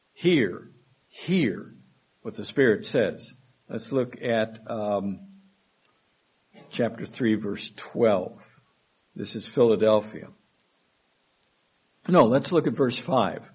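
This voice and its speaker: Husky-voiced man preaching a sermon. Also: medium pitch, poor audio. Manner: reads scripture aloud with stress, then explains in a measured tone. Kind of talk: sermon, Bible study reading.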